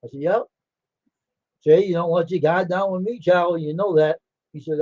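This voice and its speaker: A man's voice: high voice, steady tone, moderate pace, mellow, no room sound, highs cut off. Older man rambling through old stories. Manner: rambling, laughing, acts out quoted dialogue. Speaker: livestream host. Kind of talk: casual storytelling chat.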